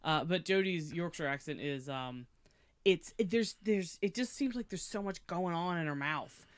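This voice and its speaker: Enthusiastic podcast co-host, mid pitch. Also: moderate pace, smooth. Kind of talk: casual podcast chat.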